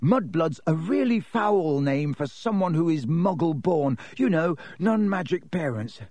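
A man voicing a sick young schoolboy who speaks hoarsely and weakly. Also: a little high, lively intonation, measured pace, darkish tone, no room sound, voice pushed up. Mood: queasy.

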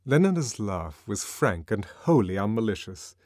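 A man narrating a novel as an audiobook, in an expressive, measured reading. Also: fairly low pitch, no room sound, clean studio sound.

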